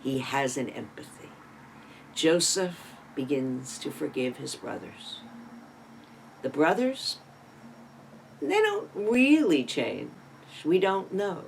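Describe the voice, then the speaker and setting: Slow and sing-song, with vocal fry and frequent pauses, a Torah teacher preaches a scripture story, dramatically swelling and dropping in loudness and pressing on key words. Casual asides and rhetorical questions crop up, and the medium-pitched voice sits over a faint background hum in a rough recording.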